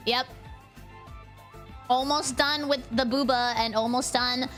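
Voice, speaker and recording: A woman streamer chatting casually on a live stream, excitable and giggly, squealing greetings to her chat. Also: sits high, slow, soft background music.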